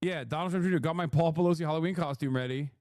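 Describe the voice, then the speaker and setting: A man's voice: fairly high pitch, racing, a little mellow, no room sound, studio quality. A man giving a profane, exasperated live-stream rant, mocking and talking straight to his chat. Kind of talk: ranting live-stream commentary.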